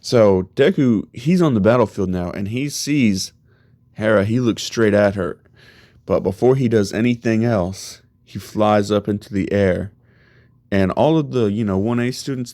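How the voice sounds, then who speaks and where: Slow, low-voiced male storyteller. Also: a little mellow, no echo, clean studio sound. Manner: loose, chatty, many fillers. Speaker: storyteller of a fan tale. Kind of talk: casual story narration.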